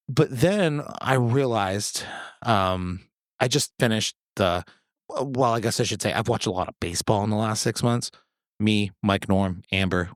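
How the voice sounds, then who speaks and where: Profane rambling man, low and dry. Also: dry recording. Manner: rambling, profane, jokey storytelling with sudden high-pitched quoted voices. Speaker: podcast host. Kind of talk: casual solo chat.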